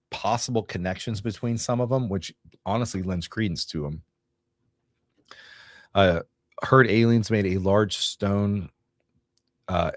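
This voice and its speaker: Low-voiced man hosting a chatty podcast. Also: no room sound, clean studio sound. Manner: rambling, self-correcting explanations. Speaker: podcast host. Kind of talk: casual chat.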